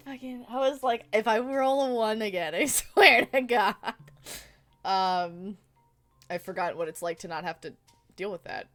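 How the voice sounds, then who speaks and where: A woman's voice: mid-range voice, lively intonation, moderate pace, fairly bright tone, faint music behind. A woman playing a tabletop game, chatting casually, swearing freely, laughing often and thinking aloud.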